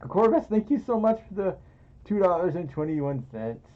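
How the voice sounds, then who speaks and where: Dressed in a fursuit indoors, a male streamer hosts a laid-back livestream, giggling and joking at his own expense as he reads out donations. He speaks at a moderate pace in a high-pitched, dark-toned voice with big pitch swings, heard through muffled audio.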